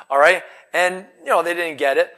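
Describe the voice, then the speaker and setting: A man giving a live motivational talk on stage, energetic and full of rhetorical questions to the audience. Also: on the high side, a little slow. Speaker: motivational speaker. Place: event hall in front of a live audience.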